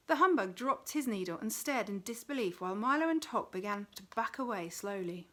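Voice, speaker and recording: A woman reading a novel aloud in an expressive storytelling manner. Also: medium pitch, brisk, few pauses. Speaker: reader.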